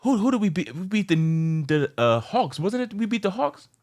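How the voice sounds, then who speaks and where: A man from New York hosting a casual sports chat, passionate and rambling, often getting loud and worked up. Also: sits high, big pitch swings, moderate pace. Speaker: show host.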